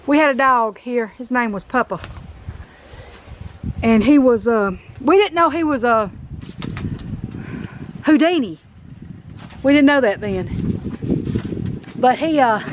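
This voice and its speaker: Outdoors at an abandoned house, a middle-aged vlog host with a Southern US accent gives a casual walkthrough, folksy and emotional as she goes. Her voice is slightly high, and there's a little hiss or hum in the recording.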